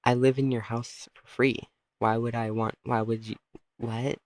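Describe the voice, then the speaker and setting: A man's voice: mid-range voice, little pitch movement, measured pace, slight background noise, natural voice. A man voicing an aloof house cat that wants nothing to do with anyone. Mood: dismissive.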